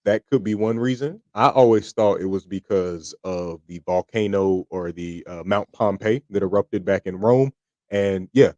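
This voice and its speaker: A man from the American South co-hosting a podcast in casual chat, animated and swearing freely. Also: sits low, unhurried, dry recording, lo-fi sound. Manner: animated, swears freely, slips into put-on voices. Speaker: podcast co-host.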